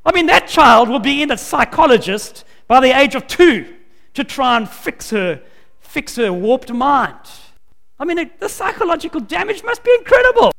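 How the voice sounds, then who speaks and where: A man preaching a sermon, telling the story in an animated and emphatic way and acting out the scenes. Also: very high-pitched, vocal fry. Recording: long hall reverb.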